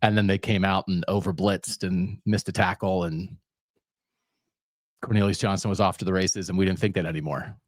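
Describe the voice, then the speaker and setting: A man's voice: low-pitched, fairly even intonation, normal speed, dry recording. A man co-hosting a sports podcast, making emphatic points in long, piled-up lists. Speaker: podcast co-host.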